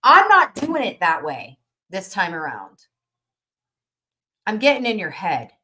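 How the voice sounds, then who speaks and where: A woman business coach hosting a live motivational workshop stream, energetic and emphatic, repeating phrases for rhythm. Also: mid-range voice, a little slow, a little hiss or hum.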